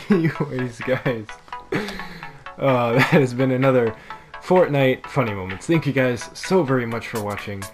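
Excitable, goofy gaming host. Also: male voice, mid-range voice, faint music behind. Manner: excitable and goofy, with quick bursts of exclamations. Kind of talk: casual gameplay commentary.

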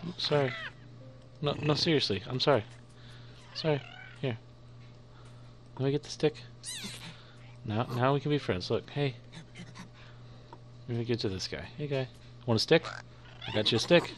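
A man's voice: medium pitch, moderate pace, pauses often, slight background noise. A young man giving playful let's-play commentary, chatting to the creatures on screen as he plays. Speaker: gaming YouTuber.

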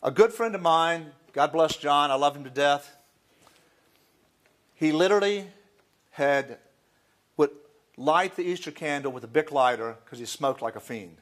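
Middle-aged male priest, Florida-raised, lecturing; slightly high, digressive and folksy. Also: a little slow, pauses often, fairly bright tone. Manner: folksy and digressive, with asides and fillers. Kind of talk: academic lecture.

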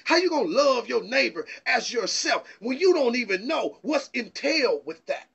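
An excitable man preaching informally from the Bible, stammering over repeated words and pressing rhetorical questions. His voice sits high and gravelly with a husky edge. The recording is muffled and lo-fi. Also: moderate pace. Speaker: Bible teacher.

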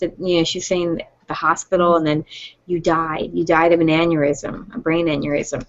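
A woman's voice: on the low side, steady tone, moderate pace. Agreeable woman cohost, muffled audio. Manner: frequent agreeing backchannels, conversational retelling. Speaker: podcast co-host. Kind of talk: casual podcast chat about a TV show. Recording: dull lo-fi podcast audio.

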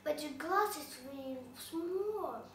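女性がゆっくりと物語を読み上げる、ロシア訛りの英語、響く部屋. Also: female voice, high voice, expressive, fairly bright tone. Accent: Russian. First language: Russian. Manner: halting, uneven phrasing with slips. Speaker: reader. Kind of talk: storybook read-aloud, English practice. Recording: roomy, echoey, from far off, faint background noise.

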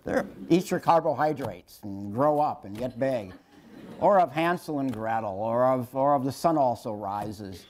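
A man's voice: mid-range voice, expressive, a little mellow, slight background noise. Wry sixty-something man giving a lecture. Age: 60s. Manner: wry, self-deprecating, halting with restarts. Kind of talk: public lecture told through stories. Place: lecture hall with an audience.

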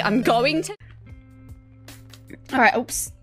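A woman's voice: high voice, very animated, takes it slowly, fairly bright tone, soft background music. A woman streaming video games, chatting casually, giggling often and talking back to the characters on screen. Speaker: gaming streamer. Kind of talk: casual live-stream commentary while playing.

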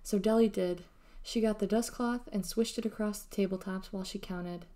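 A woman reading a children's novel aloud with steady, expressive storytelling. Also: medium pitch, moderate pace. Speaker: reader.

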